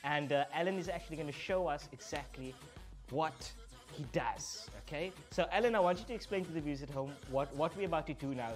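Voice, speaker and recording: South African man, comic talk-show host, high voice, playful banter, faint music bed. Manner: joking, playful banter with quick laughs. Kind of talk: casual comedic chat.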